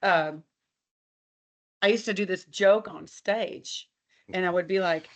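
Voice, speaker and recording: A woman's voice: on the low side, takes it slowly, pauses often. A woman country singer from Texas, telling stories casually in an interview and acting out conversations, talking over a video call while she walks around her house. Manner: chatty, laughing, swears, acts out dialogue. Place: at home, walking around the house. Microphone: video call from a laptop.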